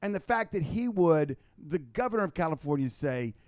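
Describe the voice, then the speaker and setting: Man guest, slightly high voice, animated storyteller with many restarts, dry close mic. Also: moderate pace, dry recording. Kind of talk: casual political chat.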